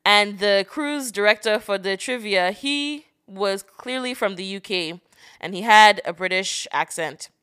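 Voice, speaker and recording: A woman's voice: mid-range voice, a bit bright, clean tone. A young woman from Nigeria co-hosting a podcast in casual chat, playful and giggly. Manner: giggly, playful, breaks into rap lyrics. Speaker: podcast co-host.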